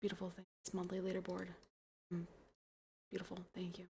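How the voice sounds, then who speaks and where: A tipsy young woman hosting a livestream, chatting in a rambling, playful way that trails into soft mumbles. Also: on the low side, completely flat delivery, fairly quick, gravelly, slight background noise. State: tipsy from wine. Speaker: livestream host. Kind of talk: casual chat to stream viewers.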